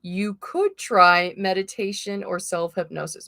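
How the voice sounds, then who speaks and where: A woman's voice: mid-range voice, unhurried, fairly bright tone, no room sound. A woman hosting a casual livestream as a tarot reader, chatting with viewers, greeting them by name and laughing often. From Florida.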